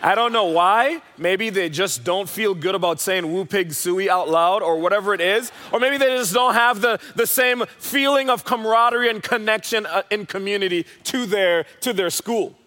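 A man delivers an earnest, emphatic sermon, leaning on repeated phrases. His voice sits high and bright. The sound carries the long reverb of a church hall. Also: moderate pace, few pauses. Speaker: pastor.

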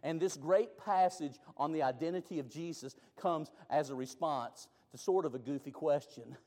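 A man preaching a sermon, moving between loud, rising climaxes and hushed, slow lines. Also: on the high side. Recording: long reverb of a large hall.

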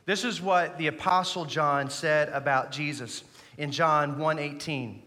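A man's voice: fairly high pitch, fairly even intonation, unhurried, bright, forceful tone. A man, an associate pastor, preaching a sermon with earnest emphasis and inviting the congregation to recite along. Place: church sanctuary. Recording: long reverb of a church hall.

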